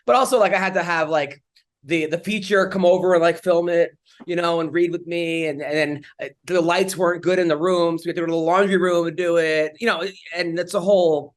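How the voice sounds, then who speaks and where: Man, podcast host, rambling anecdotes, many fillers, slightly high voice. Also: steady tone, fairly quick. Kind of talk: casual podcast chat.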